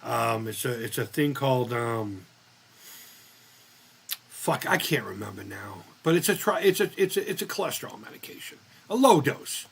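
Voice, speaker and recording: A man's voice: mid-range voice, expressive, moderate pace, gravelly, breathy edge. A man hosting a casual livestream chat, telling long stories in a rambling way and swearing freely. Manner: profane, rambling storyteller. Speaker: livestream host.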